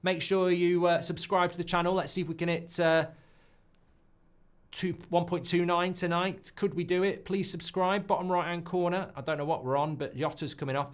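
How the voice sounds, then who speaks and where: A man hosting a live football watchalong, reacting loudly to goals and swearing freely. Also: high-pitched, normal speed, clean tone. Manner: excitable, swears, shouts at goals. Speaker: watchalong host.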